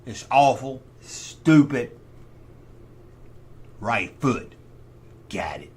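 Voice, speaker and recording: Animated middle-aged man hosting a livestream. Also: medium pitch, drawn-out words, breathy edge. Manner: animated, opinionated, talks to himself while deciding. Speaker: host. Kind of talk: casual livestream chat.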